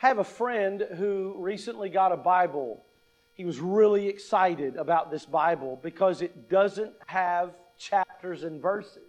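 A pastor with a high voice for a man delivers a Sunday sermon. He talks in a loose, conversational way, throwing out rhetorical questions before reading a passage of scripture aloud. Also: unhurried, a little mellow, faint music behind, rough recording.

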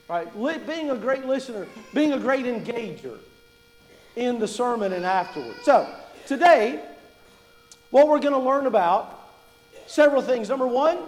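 Male preacher, high voice, conversational sermon, questions to the congregation, roomy church hall.

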